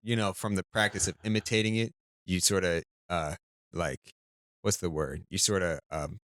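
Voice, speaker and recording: A man's voice: low voice, steady tone, normal speed, fairly bright tone, dry recording, clean studio sound. A young man, a comedian guest on a podcast, talking casually and hesitating as he searches for words. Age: young adult. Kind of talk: casual chat.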